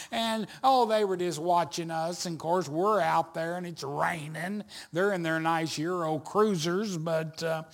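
A man preaching a sermon, telling a folksy story and building to loud emphatic points. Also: high voice, unhurried, few pauses. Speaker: pastor.

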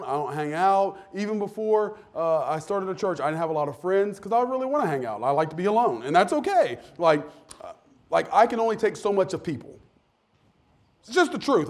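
Candid, animated male pastor, slightly high voice. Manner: candid, self-deprecating, animated with many restarts. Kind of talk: conversational sermon. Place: church sanctuary.

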